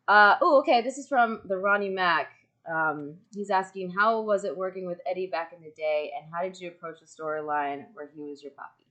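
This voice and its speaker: Excitable woman streamer telling stories. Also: on the low side, a little fast, highs cut off. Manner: excitable storyteller who laughs often and acts out quotes. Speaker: streamer hosting a video call. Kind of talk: casual chat.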